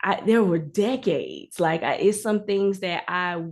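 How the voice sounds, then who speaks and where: A woman's voice: fairly low pitch, a little slow. A woman hosting a podcast, affirming and reflective as she responds to her guest. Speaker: podcast host. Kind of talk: casual interview chat.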